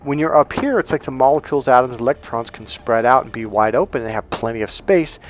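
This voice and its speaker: Animated, swearing male dating coach. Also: quick pace, slight background noise. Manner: animated, profane, acts out voices with big pitch jumps. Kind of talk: casual storytelling monologue.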